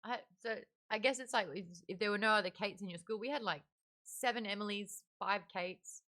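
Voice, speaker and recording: A woman's voice: medium pitch, a little fast, bright, forceful tone. An Australian woman hosting a live-stream book club, chatting casually and reading viewer comments aloud into a desk mic. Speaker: livestream book club host. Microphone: desk microphone beside a webcam.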